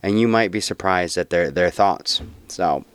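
A man's voice: deep voice, unhurried, clean tone, dry recording. A man hosting a podcast in a loose, chatty way, with many ums and restarts. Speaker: podcast host. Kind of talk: casual podcast narration.

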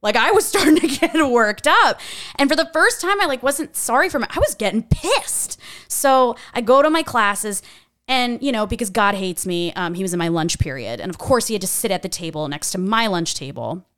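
A young adult woman telling a personal story in a casual, animated way. She talks chattily, swears freely and says "like" a lot. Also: a little high, normal speed, no echo, studio quality.

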